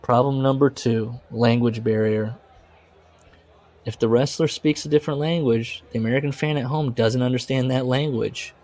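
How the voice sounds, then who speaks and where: A man's voice: medium pitch, fairly even intonation, normal speed, darkish tone. A man co-hosting a podcast, reading book passages aloud and breaking into laughing asides. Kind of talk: casual chat, reading aloud.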